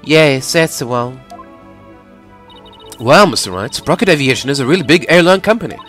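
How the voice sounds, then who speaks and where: A man's voice: on the high side, animated, moderate pace, fairly bright tone, soft background music. A man voicing a prim, formal young woman maid who speaks very politely. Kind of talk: fan voice-over of a video game.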